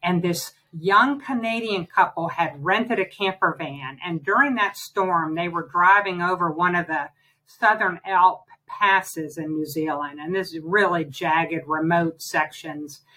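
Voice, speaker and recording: A woman's voice: fairly low pitch, a little slow, poor audio. An older woman from New Jersey, an author being interviewed, telling chatty stories in a casual conversation. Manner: chatty storyteller, animated anecdotes. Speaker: author, guest.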